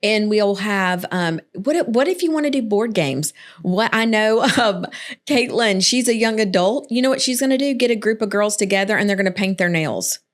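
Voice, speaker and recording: A woman co-hosts a church podcast in an upbeat, talkative way. Her voice is pitched in a normal middle range. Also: expressive, moderate pace. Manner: upbeat, chatty, laughs often. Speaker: co-host. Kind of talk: casual church podcast chat.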